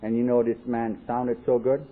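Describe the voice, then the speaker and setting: At a recovery convention in a convention hall, a man tells his life story with jokes and acted-out dialogue. His medium-pitched voice is level and moves at normal speed, captured on tinny lo-fi 1979 tape with faint hiss.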